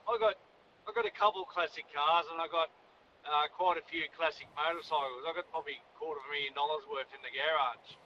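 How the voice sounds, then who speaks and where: A man's voice: on the high side, steady tone, fast, lo-fi sound, slight background noise. A man with an Australian accent calling in to a talkback radio show, chatty and rambling, repeating himself as he goes. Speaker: caller. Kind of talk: talkback phone call.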